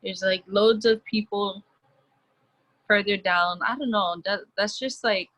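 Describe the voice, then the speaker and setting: A young woman guest in a casual chat, speaking in a relaxed, hesitant way with many fillers. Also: medium pitch, unhurried, low-quality recording.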